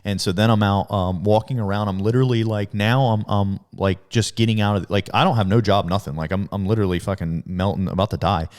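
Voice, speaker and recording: A man's voice: on the low side, steady tone, brisk, few pauses, a little mellow. A man telling his story as a podcast guest, in a rambling, casual way with heavy swearing and frequent restarts. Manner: frequent self-corrections and restarts.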